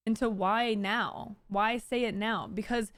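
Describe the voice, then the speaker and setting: Woman streamer with a highish voice, casual chatty commentary, talks to her chat and trips over words. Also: steady tone, a little slow, a bit bright, no room sound. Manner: stumbles and restarts words.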